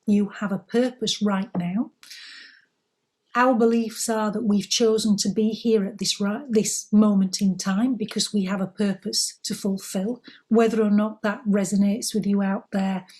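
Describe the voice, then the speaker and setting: A woman co-hosting a spiritual talk, giving gentle, reassuring advice. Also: mid-range voice, breathy edge. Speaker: spiritual co-host.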